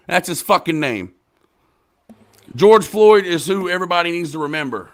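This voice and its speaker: A man hosting a casual podcast discussion, talking with profanity and rising into passionate rants between quieter stretches. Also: lively intonation, moderate pace. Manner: profane, impassioned, swings from low mumbles to loud rants. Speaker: podcast host.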